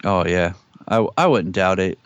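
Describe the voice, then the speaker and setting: A man's voice: low-pitched, expressive, measured pace, clear, resonant tone, no room sound. A man co-hosting a podcast, chatting casually and joking, acting out quotes in a raised voice. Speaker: podcast co-host. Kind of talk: casual TV review chat. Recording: dull dry lo-fi audio.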